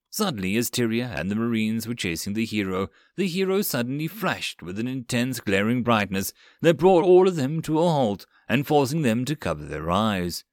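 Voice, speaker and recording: A man narrating a web novel as an audiobook, with a steady, even reading. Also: mid-range voice, moderate pace, few pauses, no room sound, studio quality.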